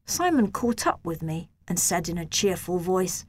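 A woman reading a children's novel aloud in a gentle, measured first-person storytelling voice. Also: lowish voice, very animated. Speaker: audiobook narrator.

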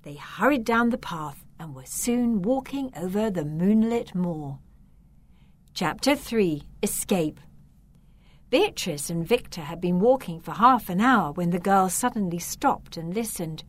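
A woman narrating a storybook in a measured, expressive reading. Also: lowish voice.

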